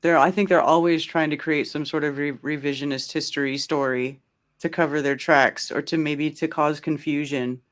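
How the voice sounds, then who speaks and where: Man with a higher voice, chatting. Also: steady tone, normal speed, fairly bright tone. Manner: loose, conversational, filler-heavy. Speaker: podcast guest. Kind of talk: casual interview chat.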